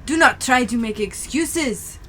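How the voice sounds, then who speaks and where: A woman's voice: high-pitched, animated, fairly bright tone, a little hiss or hum. A woman putting on a stern mock-German interrogator. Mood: menacing. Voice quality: slow, menacing, looping accent. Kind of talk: game dialogue read aloud on stream.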